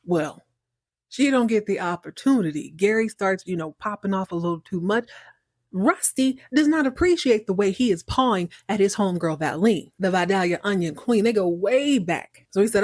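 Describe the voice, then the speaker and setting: A woman hosting a podcast, animatedly recapping a TV episode in a casual, excitable way. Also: medium pitch, normal speed, no echo, studio quality. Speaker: podcast host.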